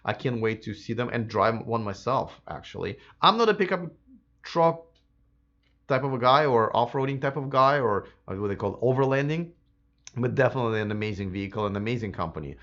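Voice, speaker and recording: A man hosting a live electric car stream, answering viewer comments in a casual, chatty way, slightly hoarse. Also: medium pitch, animated, a little fast, fairly bright tone, muffled recording. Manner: casual and chatty, many fillers and restarts. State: slightly hoarse, losing his voice.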